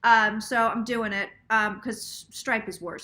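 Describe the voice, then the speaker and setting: A woman hosting a live tarot stream, chatting casually. She is an animated, swearing storyteller who laughs often and acts out other people's lines. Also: mid-range voice, unhurried.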